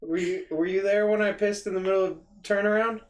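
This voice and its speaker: A young woman in casual podcast chat, telling crude stories loudly and laughing as she goes. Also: medium pitch, fairly even intonation, fairly quick, noisy background. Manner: loud, laughing, crude storytelling. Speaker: guest, cousin.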